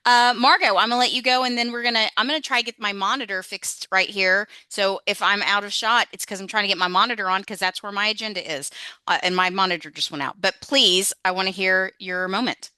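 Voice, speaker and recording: Bright, crisp-voiced woman coaching on a call. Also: medium pitch, steady tone, a little fast, dry recording. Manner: encouraging, chatty, with many restarts. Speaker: storytelling workshop facilitator. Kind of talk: casual workshop coaching on a video call. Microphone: video call.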